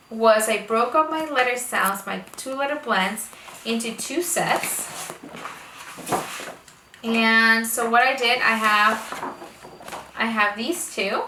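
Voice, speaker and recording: A homeschooling mother explaining how she teaches her children to read, speaking slowly and stretching out the letter sounds. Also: on the high side, bright, forceful tone, slight background noise. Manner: slow, deliberate, exaggerates phonics sounds. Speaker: homeschooling parent teaching reading. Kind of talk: instructional talk to camera. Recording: echoey room, voice a bit far from mic.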